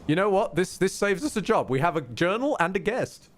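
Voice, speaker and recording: A man on a game livestream, cracking quick jokes over co-op play. His voice is fairly high and swings lively up and down. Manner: joking, quick asides. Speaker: gamer on a livestream. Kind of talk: casual co-op game chat.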